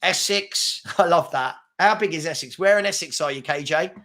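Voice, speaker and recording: Young London man, live-stream host, fast and chatty, bright forward tone. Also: fairly high pitch. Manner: fast-talking, chatty, reads out names and places. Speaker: football chat host. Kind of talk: live-stream casual chat reading viewer comments.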